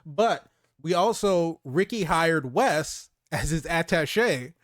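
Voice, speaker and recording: A man co-hosting a casual movie review chat, retelling scenes with lively acted-out lines and frequent laughs. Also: on the high side, slow, no echo, studio quality. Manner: animated retelling, acts out character lines, laughs often. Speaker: podcast co-host.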